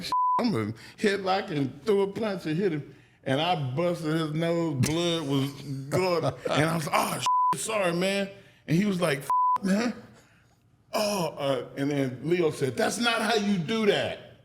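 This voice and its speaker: A man's voice: on the high side, a little hiss or hum. A man telling stories as a podcast guest, casual and profane, acting out the people he quotes. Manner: animated, acts out quoted people with raised voice. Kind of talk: storytelling in a podcast interview.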